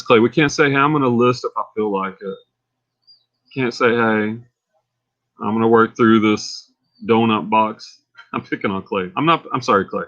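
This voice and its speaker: A man with a mid-range voice and a Texan accent rambles through a casual livestream, the audio sounding dull. He's excitable and fires himself up the longer he talks.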